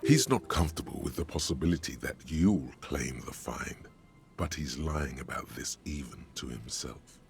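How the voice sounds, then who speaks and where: An actor voicing a brooding male inner-voice narrator in a detective video game, speaking in a slow, ominous, poetic way. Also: rumbling low, expressive, creaky, full character voice.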